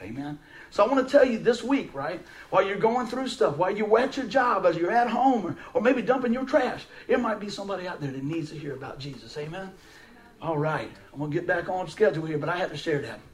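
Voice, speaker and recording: A man preaching a sermon, telling a story in a folksy, animated way with frequent asides to his listeners. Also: sits high.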